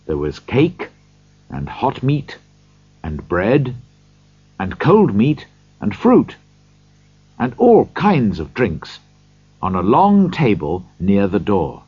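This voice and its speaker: A man narrating a storybook in a slow, highly expressive reading. His pitch swings widely and his voice is slightly husky. The recording is dry, dull and lo-fi. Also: dry recording.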